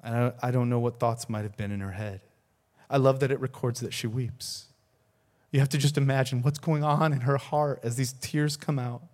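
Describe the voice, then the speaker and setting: A man's voice: mid-range voice, fairly even intonation, normal speed, a little mellow. A man, a pastor, preaching a sermon, telling a story earnestly with repeated words and rising emphasis.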